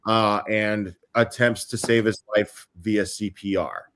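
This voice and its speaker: A man's voice: on the low side, steady tone, takes it slowly, a bit bright. Man patiently laying out a timeline. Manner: explains step by step, many ums and uhs. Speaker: host. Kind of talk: casual livestream chat.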